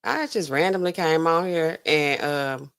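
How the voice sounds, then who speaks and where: A woman hosting a casual livestream, reacting to news clips and talking straight to her chat in relaxed slangy speech. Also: deep voice, unhurried, smooth. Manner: chatty and animated, talking straight to chat viewers; relaxed slangy speech with frequent filler words.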